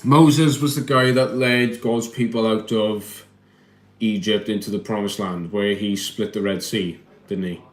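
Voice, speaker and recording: A man's voice: lowish voice, steady tone, a little slow. A man hosting a casual live stream into his phone at home, rambling and hesitant, often repeating words as he reads the chat. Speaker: livestream host reading chat.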